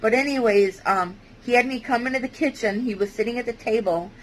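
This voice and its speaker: A woman vlogger giving a halting, hesitant personal testimony, with many fillers and restarts. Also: a little high, slight background noise, poor audio.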